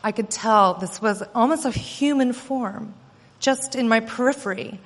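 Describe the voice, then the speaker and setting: A woman's voice: on the high side, unhurried. Earnest woman telling a story, reverberant. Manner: earnest, animated telling with quoted dialogue. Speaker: mother recounting an experience. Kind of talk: personal storytelling. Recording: long hall reverb.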